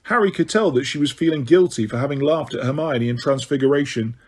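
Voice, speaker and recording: Husky male audiobook narrator. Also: mid-range voice, quick pace. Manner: occasional stumbles and restarts. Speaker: audiobook reader.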